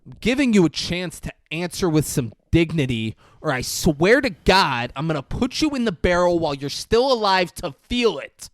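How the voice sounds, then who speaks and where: A man putting on the voice of a cold, menacing middle-aged man who owns a bunker, speaking low, slow and quietly threatening. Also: very animated, dry recording.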